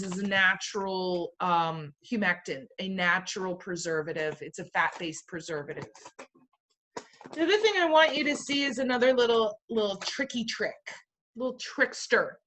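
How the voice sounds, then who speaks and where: A woman's voice: mid-range voice, moderate pace, a bit bright, a little hiss or hum. A woman teaching a class in a playful way, firing questions at her students and tossing in jokey asides. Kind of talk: classroom lecture.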